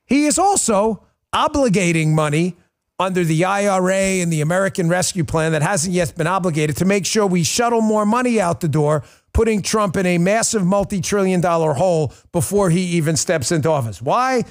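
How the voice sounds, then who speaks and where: A middle-aged man hosting a political talk show, ranting bluntly and piling up insults in quick emphatic lists. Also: high voice. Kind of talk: heated political commentary.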